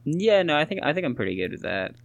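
A young man co-hosting a podcast, chatting casually about football in an animated way and laughing often. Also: on the high side, quick pace, creaky, a crowd in the background. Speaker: podcast co-host. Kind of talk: casual sports chat.

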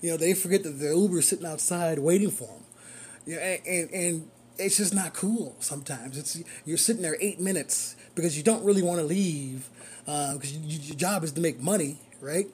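A man who works as a rideshare driver, telling a story in a casual, animated way and chuckling often. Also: on the high side, fairly quick, slight background noise.

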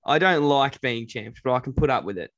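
A man's voice: mid-range voice, expressive, a little fast, a bit bright, dry recording. Easygoing man, dry sound. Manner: easygoing, self-mocking. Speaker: podcast co-host. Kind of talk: casual chat.

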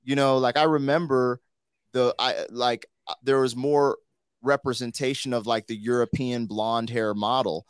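Here a man with a mid-range, clean-toned voice speaks at a moderate pace with fairly even intonation. The studio sound is clean, with no room sound. He hosts a podcast in loose, slangy chat loaded with "like" and "you know."

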